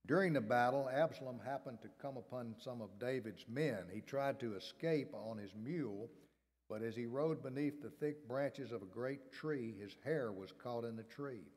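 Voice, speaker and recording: Man reading scripture in a reverberant sanctuary. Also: mid-range voice. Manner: measured, steady reading cadence. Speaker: scripture reader. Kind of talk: reading scripture aloud in worship. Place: church sanctuary. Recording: long church reverb.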